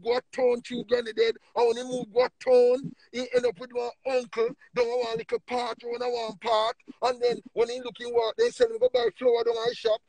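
Jamaican guy preaching hard on a live, gravelly, swings loud and quiet. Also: no echo. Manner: emphatic, preachy, swings between low murmurs and loud bursts. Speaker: livestream speaker. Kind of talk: preaching on a livestream chat.

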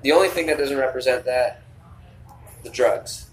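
A man chats casually as a podcast guest, poking at the others with joking questions. His voice sits at an ordinary pitch, in an echoey room with faint noise behind it. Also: normal speed. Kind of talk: casual chat.

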